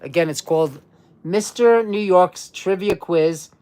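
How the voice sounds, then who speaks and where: Speaking unhurriedly in a lowish, mellow voice, a woman runs a relaxed live-stream trivia quiz. She chats with her viewers and tends to say things more than once.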